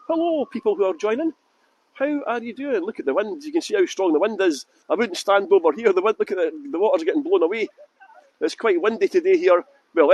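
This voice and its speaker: A man's voice: high-pitched, darkish tone. A man with a Scottish accent hosting a live walking tour outdoors by a fountain, chatting casually and making flippant jokes. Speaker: tour guide. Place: outdoors by a fountain in a windy city square.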